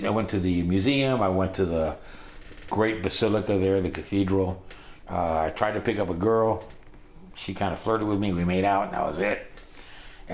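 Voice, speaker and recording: Older man telling tales in a roomy echo. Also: sits low. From Los Angeles, United States. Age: 60s. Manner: rambling, animated voices for quoted people. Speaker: storyteller. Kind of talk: casual personal storytelling.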